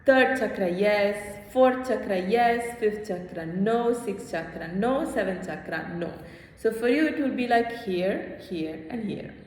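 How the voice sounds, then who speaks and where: A woman yoga teacher leading a small class, animated, often checking in with a quick "hmm?". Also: mid-range voice. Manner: animated, checks in with "hmm?", acts out inner voices. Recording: echoey hall with faint ambience.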